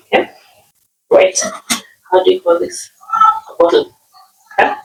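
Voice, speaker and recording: A woman's voice: extremely high pitch, huge pitch swings, moderate pace, gravelly, long pauses, darkish tone. A woman from Nyeri with a Kenyan accent, teaching household words in a casual lesson, repeating words and often checking with "okay?". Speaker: language teacher. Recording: roomy, distant mic.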